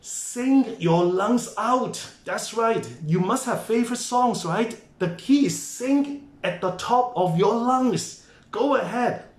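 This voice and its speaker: A man's voice: extremely high pitch, unhurried. A man giving an enthusiastic motivational talk, coaxing listeners to join in. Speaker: motivational speaker. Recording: echoey room.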